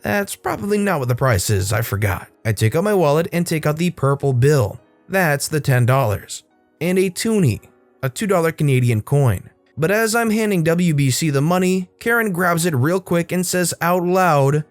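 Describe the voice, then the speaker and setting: A man's voice: fairly high pitch, moderate pace, no echo, soft background music. Man reading a Reddit story. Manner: animated, shifts voice for quoted people. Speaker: channel narrator.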